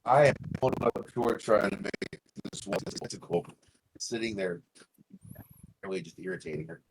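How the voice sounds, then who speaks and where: A man playing a tabletop game, joking and now and then shouting lines in character. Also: on the low side, moderate pace, background noise. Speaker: player.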